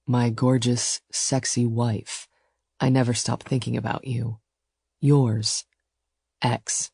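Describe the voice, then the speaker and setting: A woman voicing a devoted wealthy husband reading a love note in a soft, low, intimate way. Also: level tone, slow pace, vocal fry, breathy edge, no echo, studio quality, exaggerated voice. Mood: tender.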